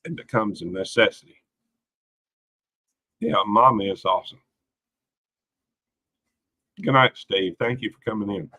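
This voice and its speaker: A man's voice: fairly low pitch, measured pace, pauses often, sharp tone, low-quality recording. A man hosting a casual late-night livestream, rambling in a folksy way and greeting viewers by name. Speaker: livestream host.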